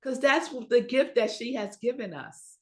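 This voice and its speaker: This woman minister's Sunday sermon is slow and emphatic, full of rhetorical questions to the congregation and dramatic pauses. Her pitch leans high, her intonation is lively, and her tone is somewhat dark.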